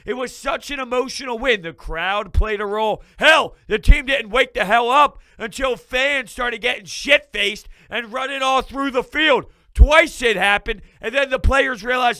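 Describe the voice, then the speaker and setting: A fired-up man with a notably high, bright voice talks through a post-game recap, emphatic and loose with the swearing. His tone is smooth and clear, recorded close on a dry mic. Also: normal speed, hardly any pauses, dry recording. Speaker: sports fan channel host.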